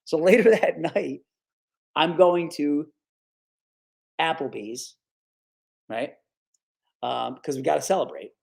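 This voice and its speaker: A man in his forties from upstate New York, a sports broadcaster telling stories as a podcast guest, animated and casual, often saying "dude" and "right?". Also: a little high, takes it slowly, creaky, pauses often. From Capital Region, New York. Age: 40s. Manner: animated, acts out quoted voices, says "dude" and "right?" often. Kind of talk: casual storytelling interview.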